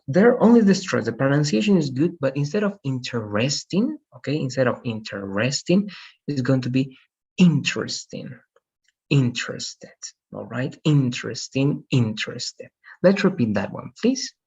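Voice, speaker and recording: A man's voice: mid-range voice, big pitch swings, vocal fry, darkish tone, slightly rough. Patient male English teacher, lo-fi call. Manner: patient, corrective, repeats words slowly to model pronunciation. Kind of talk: online class, pronunciation coaching. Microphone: video call. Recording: dull lo-fi video call audio.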